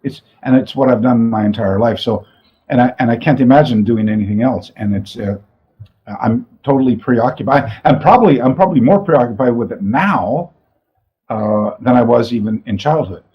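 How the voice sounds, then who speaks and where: A man speaks in a middle-pitched voice, thoughtful and rambling as he explains ideas and often restarts his sentences. The recording sounds slightly dull and lo-fi. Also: expressive, normal speed. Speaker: martial arts teacher. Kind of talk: reflective talk to camera. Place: his own training space, indoors.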